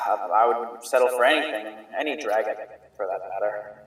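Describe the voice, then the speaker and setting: A man's voice: on the low side, moderate pace, a bit bright, lightly acted. A man voicing a shrewd, formal male merchant alchemist who speaks in stilted, hesitant phrases. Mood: formal bargaining. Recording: roomy sound, distant mic, faint music.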